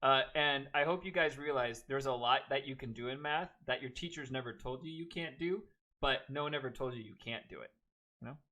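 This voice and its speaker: A man is teaching math in a classroom, narrating his worked steps and joking chattily with the students along the way. His voice is medium-pitched and sharp, and he talks a little fast.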